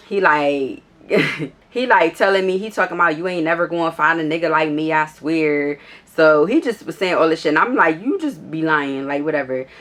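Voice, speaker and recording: A woman's voice: on the low side, a bit bright. A woman vlogger telling a casual storytime in a blunt, profane and sassy way.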